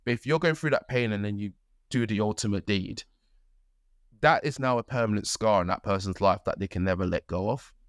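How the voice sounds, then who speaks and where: A young man co-hosting a podcast, his voice sitting a little low and recorded dry and close, with no room sound. He talks earnestly and rambles through his stories, leaning on "like" and checking in with "right?". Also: fairly quick, dry recording. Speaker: podcast co-host. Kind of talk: casual conversational storytelling.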